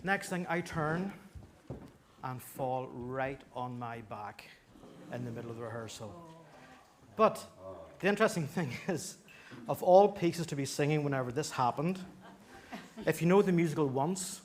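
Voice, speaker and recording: A male choir conductor tells a self-deprecating story to the audience between songs. His voice sits on the higher side, and the live church recording carries clear hiss. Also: expressive, a little slow, long pauses.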